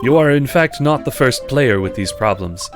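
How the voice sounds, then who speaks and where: A man voicing a calm, formal male guide who gives careful instructions. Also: mid-range voice, lightly acted. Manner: measured, formal. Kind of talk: reading game dialogue in voices. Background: game music.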